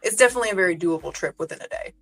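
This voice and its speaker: Chatty Kentucky-raised woman, slightly low voice. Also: expressive, rapid-fire, gravelly, fairly bright tone, faint music behind. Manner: chatty, filler-heavy, laughs easily. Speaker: podcast guest. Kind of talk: casual chat.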